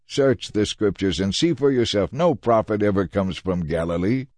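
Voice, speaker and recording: A man's voice: on the low side, moderate pace, darkish tone, no echo, lightly acted. A man voicing the sneering, mocking male Pharisees in a dramatized Bible reading.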